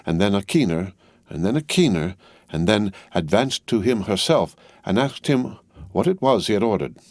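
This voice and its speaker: Deep-voiced man reading an audiobook. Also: darkish tone, no echo, studio quality. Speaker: audiobook narrator. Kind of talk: scripted narration.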